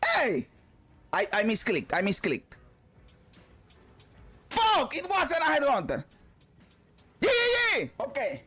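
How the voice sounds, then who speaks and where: A man streaming a video game, commenting loudly, swearing and shouting at the game. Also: extremely high pitch, huge pitch swings, slow pace, long pauses, soft background music. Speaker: gaming streamer. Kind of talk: excited gameplay commentary.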